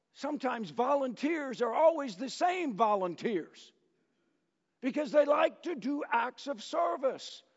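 A man preaching a sermon as pastor, talking to the congregation in a conversational, animated way and acting out quotes. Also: very high voice. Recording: echoey hall, dull lo-fi sound.

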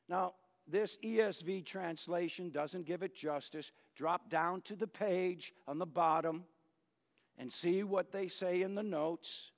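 A man preaching a sermon as pastor, in an unhurried storytelling manner that works in jokes. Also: high-pitched, vocal fry. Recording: dull lo-fi church recording with long reverb.

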